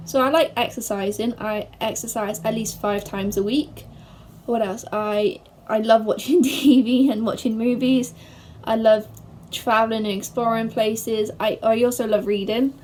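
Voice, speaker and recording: A young woman from England answering viewer questions in a chatty, bubbly way, speeding up when she gets excited. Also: a little high, slight background noise. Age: young adult. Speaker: vlogger. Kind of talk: casual to-camera Q&A.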